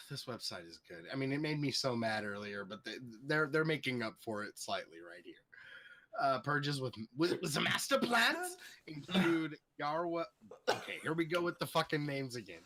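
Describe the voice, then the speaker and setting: Young dude cohosting a podcast, swears a lot, big loud reactions, lively voice. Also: male voice, mid-range voice, normal speed. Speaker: podcast co-host. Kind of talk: casual comedic podcast chat.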